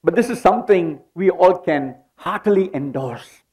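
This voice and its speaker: A man's voice: high voice, animated, normal speed, darkish tone. A middle-aged man preaching a sermon in a church, leading the congregation in call-and-response. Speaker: pastor.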